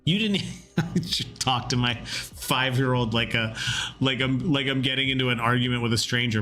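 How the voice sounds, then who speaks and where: A man in his thirties streaming a game devlog, rambling casually with lots of fillers and getting animated when he quotes people. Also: mid-range voice, moderate pace, faint music behind. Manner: rambling, self-deprecating, with many fillers. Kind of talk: casual livestream chat.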